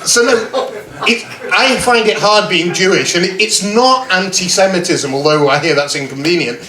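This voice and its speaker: A man's voice: high-pitched, normal speed, pushed and bright. A man in his fifties doing a self-deprecating stand-up set, quizzing the audience. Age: 50s. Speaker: stand-up comedian. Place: pub comedy room. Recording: roomy pub sound from far off.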